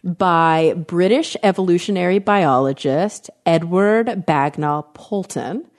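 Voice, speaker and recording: A woman's voice: on the low side, slow. A woman co-hosting a podcast, explaining a word in a chatty, laughing way. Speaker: podcast co-host. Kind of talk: casual chat.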